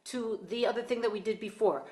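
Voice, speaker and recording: Female voice teacher, higher voice, roomy. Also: brisk. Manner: encouraging, explains then demonstrates sung exercises. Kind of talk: one-on-one singing lesson. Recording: echoey room with piano.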